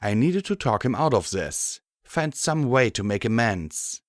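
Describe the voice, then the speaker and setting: A man reading a fan fiction audiobook in a steady, measured way. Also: mid-range voice, dry recording, studio quality. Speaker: audiobook narrator.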